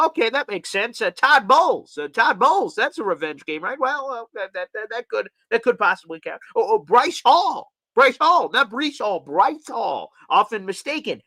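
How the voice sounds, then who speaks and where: A man's voice: sits high, a bit bright, dry recording. A man hosting a live sports reaction show, ranting with exasperated sarcasm and frequent profanity.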